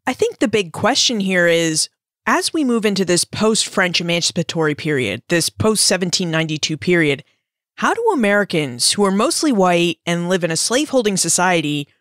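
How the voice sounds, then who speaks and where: A woman hosting a podcast poses a question to her guest. Her pitch moves in a lively way while her phrasing stays measured and clear. The sound is dry and close. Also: dry recording. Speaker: podcast host. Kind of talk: interview question.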